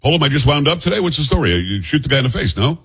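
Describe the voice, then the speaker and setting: Blunt, heated husky man ranting. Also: mid-range voice, big pitch swings, racing, a bit bright. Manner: blunt, heated, stumbles over names. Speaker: host. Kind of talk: opinionated news commentary.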